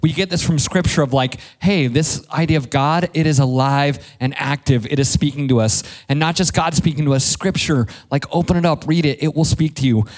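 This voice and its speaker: A man in his thirties preaches from the pulpit like he is chatting with friends. His fairly high voice moves between playful asides and earnest points, full of jokes at his own expense. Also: a little fast, few pauses. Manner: conversational, playful storytelling with self-deprecating jokes. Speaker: pastor. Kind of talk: sermon.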